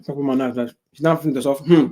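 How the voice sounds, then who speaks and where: This man talks at an ordinary pitch and sounds like a reaction host picking apart a clip. He mocks the people on screen and slips into imitations of them. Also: fairly even intonation, fast talker, a crowd in the background. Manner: mocking, mimics the people he reacts to. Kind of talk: reaction commentary.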